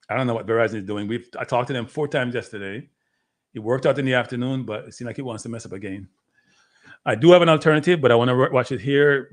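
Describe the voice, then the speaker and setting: Jamaican guy doing live race commentary, chatty, keeps talking to chat, mid pitch. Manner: excitable, chatty, calls out to viewers. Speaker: livestream host. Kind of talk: live sports watchalong commentary.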